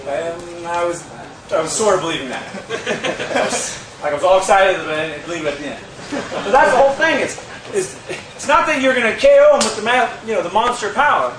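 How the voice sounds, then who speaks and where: High-voiced man teaching in an echoey gym. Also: fast talker. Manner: lively, demonstrative, with sound effects. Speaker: martial arts instructor. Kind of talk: casual instructional demonstration. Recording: echoey gym from far off with crowd.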